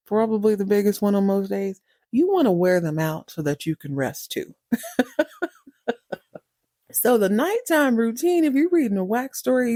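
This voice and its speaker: A woman with a mellow, relaxed voice chats through a TV recap in a wry, playful way, laughing often and acting out the characters' lines as she goes. The recording is dry and close, with no room sound. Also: medium pitch, no room sound. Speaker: podcast host recapping a TV series. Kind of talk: casual recap commentary.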